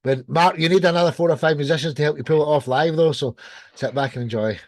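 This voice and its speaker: A man's voice: fairly high pitch, quick pace, no room sound. A man from the United Kingdom hosting a rock podcast, enthusiastic and loose. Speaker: radio show host.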